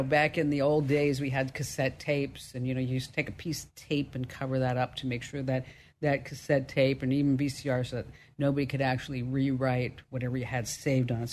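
A woman with a New Jersey accent hosting a call-in tech radio show, chatty and animated. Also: extremely low pitch.

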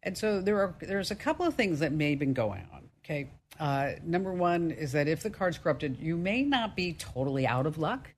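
Woman, new jersey accent, radio host, animated, chatty. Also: sits low, a little hiss or hum. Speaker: radio tech show host. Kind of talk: call-in radio chat.

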